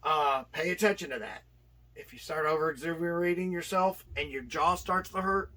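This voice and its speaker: A man's voice: a little high, pushed and bright, husky. A middle-aged man, a professional wrestler, telling his story as an interview guest and acting out the dialogue. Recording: distant mic with faint noise.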